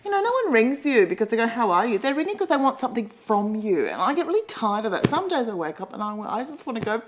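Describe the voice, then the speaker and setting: A middle-aged woman with an Australian accent tells a comic monologue at a quick clip. Her pitch leaps all over the place as she rambles and mocks herself. Now and then she breaks into loud, sweary outbursts. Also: sing-song, low-quality recording. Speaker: comedian and columnist.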